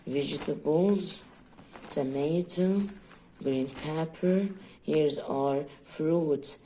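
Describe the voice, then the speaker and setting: A woman's voice: moderate pace, warm tone, a little hiss or hum. A woman with an Egyptian Arabic accent demonstrating a children's English activity book, asking questions and answering them herself as the child. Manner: plays both teacher and child, asking then answering in a lower voice. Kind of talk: home teaching demo, Arabic mixed with English.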